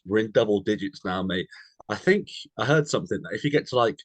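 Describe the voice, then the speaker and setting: A man's voice: lowish voice, lively intonation, fast, no room sound. A young English man co-hosting a podcast, chatting casually, calling his friend mate constantly and telling anecdotes. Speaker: podcast co-host. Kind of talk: casual chat.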